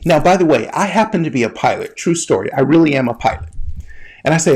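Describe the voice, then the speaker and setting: A man, a medical educator and former flight paramedic, teaching through an animated, conversational story that speaks straight to the listener. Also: on the high side, fast talker, slightly rough. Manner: addresses the listener directly, guided imagery. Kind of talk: storytelling lesson.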